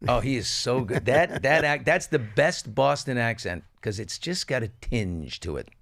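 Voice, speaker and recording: A man's voice: medium pitch, lively intonation, normal speed, creaky, fairly bright tone. A man co-hosting a talk show, chatting casually in a playful, gossipy way.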